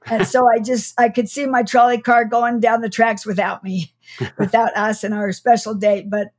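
A middle-aged woman, a guest author in an interview, recalls a childhood memory in a slightly high voice with a level tone and normal speed. She's reflective, with small laughs and restarts.

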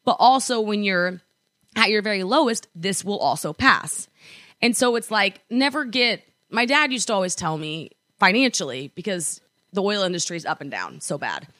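Bright-voiced young woman chatting. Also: medium pitch, lively intonation, normal speed, no echo, studio quality. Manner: chatty, lots of likes and restarts. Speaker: podcast co-host. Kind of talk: casual chat. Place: apartment.

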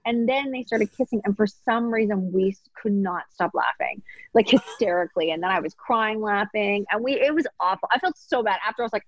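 A young actress chatting in an interview, telling stories in a giggly, animated way. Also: female voice, mid-range voice, fairly quick, no room sound, lo-fi sound. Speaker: actress interviewed about a series. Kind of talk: casual interview chat.

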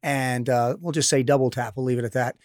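A man's voice: medium pitch, fairly even intonation, a little fast, a little mellow, no echo, studio quality. A man hosting a podcast interview, blunt and enthusiastic, with casual profanity. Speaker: podcast host, former SEAL.

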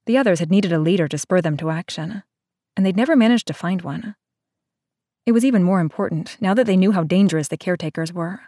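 A woman narrating a novel aloud in a steady, even storytelling manner. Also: fairly low pitch, fast talker, no room sound, clean studio sound. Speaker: audiobook narrator. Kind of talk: scripted narration.

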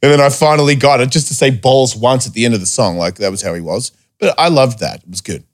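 A man tells stories in a casual podcast chat, swearing heavily and acting out quotes in a raised voice. He talks fast in a mid-range voice.

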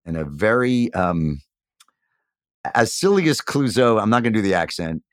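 A man in his fifties from New York, a guest in a candid interview, telling his story earnestly and reflectively with animated emphasis. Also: on the low side, moderate pace, no echo, clean studio sound. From New York, USA. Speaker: podcast guest.

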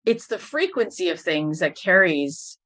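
A woman's voice: fairly low pitch, very animated, unhurried, a bit bright. A middle-aged woman, a podcast host and business coach, telling stories as a guest in an interview and building each anecdote to its punchline.

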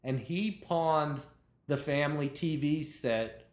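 A man with a fairly high voice tells showbiz anecdotes in an interview. He gets animated, laughs mid-sentence and acts out quotes, and the room around him rings with echo. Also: takes it slowly. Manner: lively storyteller, laughs while talking, acts out quotes. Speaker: television comedy writer and producer, guest. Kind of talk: conversational anecdote-telling.

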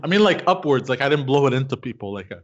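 A man's voice: medium pitch, animated, racing. A man telling a rambling story in casual chat and often laughing at himself. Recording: dull lo-fi sound.

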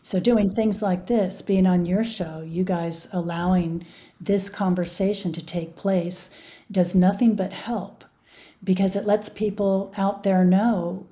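A middle-aged woman with a fairly low, warm voice speaks earnestly and with emphasis. She is a guest in an interview conversation, the mother of a victim.

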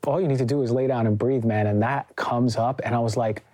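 A man's voice: mid-range voice, fairly even intonation, brisk, dark tone. A young man hosting a podcast, telling a story animatedly with lots of fillers and acted-out quotes. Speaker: podcast host. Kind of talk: casual conversation.

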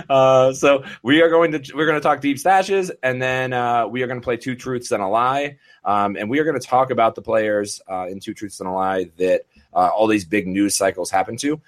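A man's voice: mid-range voice, steady tone, moderate pace, hardly any pauses. A man hosting a podcast, chatting casually and joking, with lots of fillers. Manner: jokey, laughing, filler-heavy. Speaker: podcast host.

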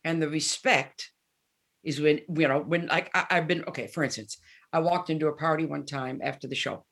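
The low-pitched voice of a woman in her seventies moves at a moderate pace. Appearing as a guest musician in an informal interview, she shares candid tales and brings quoted lines to life by acting them out.

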